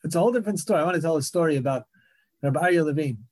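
Earnest high-voiced man teaching Torah. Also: animated, racing, darkish tone, no room sound. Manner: earnest, repeats phrases for emphasis. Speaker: rabbi teaching a class. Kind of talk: Torah lecture.

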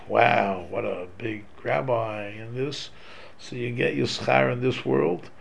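A man's voice: medium pitch, gravelly, slightly rough, rough recording. A man giving an informal religious lesson, talking it through conversationally and acting out quoted speech as he explains. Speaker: Torah class teacher.

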